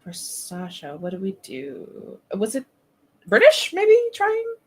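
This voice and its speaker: A woman's voice: mid-range voice, huge pitch swings, takes it slowly. A woman in casual chat who laughs easily and reads aloud in a playful way. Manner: giggly, playful. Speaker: co-host.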